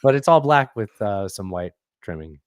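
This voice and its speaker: A man's voice: fairly low pitch, animated, moderate pace, smooth, no echo, clean studio sound. A man in his forties co-hosting a podcast, telling rambling, profane stories in casual chat. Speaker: podcast co-host.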